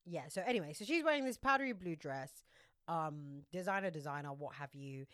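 A woman's voice: sits low, expressive, a little fast, a bit bright, clear, resonant tone, no room sound, studio quality. A woman co-hosting a casual fashion podcast, chatty and giggly, describing outfits with lots of fillers. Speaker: podcast co-host. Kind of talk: casual chat about red-carpet fashion.

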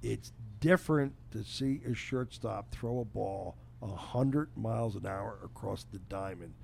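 A man's voice: fairly low pitch, unhurried, creaky, darkish tone, a little hiss or hum. A man hosting a casual baseball talk, telling stories with emphasis. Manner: storytelling, emphatic. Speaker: host. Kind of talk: casual sports chat.

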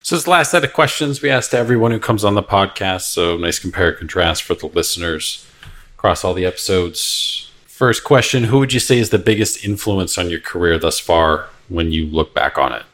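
A man's voice: low-pitched, expressive, brisk, a bit bright. A man hosting a podcast, reading out brief, set questions to his guest. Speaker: podcast host.

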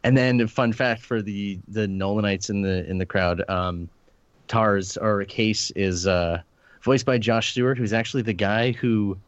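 A man with a lowish voice talks about a film on a podcast. He is eager and stumbles through fillers and restarts. The sound is dry and a bit dull. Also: steady tone, measured pace, no room sound. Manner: enthusiastic, many fillers and restarts. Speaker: podcast panelist. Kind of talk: casual film discussion.

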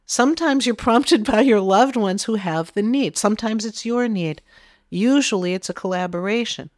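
A woman spiritual medium leading a guided meditation in a gentle, soothing way. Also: mid-range voice, normal speed, dry recording, studio quality.

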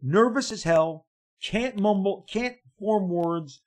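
A man, a comic book artist, telling an anecdote to his viewers in an excitable way, stumbling and repeating words as he goes. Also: high voice, slow, poor audio. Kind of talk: casual storytelling to viewers.

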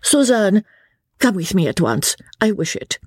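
A woman's voice: mid-range voice, big pitch swings, a little slow, darkish tone, slightly rough, dry recording, clean studio sound, pitched above the performer's own voice. Woman doing a haughty, peremptory countess. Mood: cold. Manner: rigid, peremptory, cold. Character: stiff, haughty older aristocratic mother. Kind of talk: audiobook reading.

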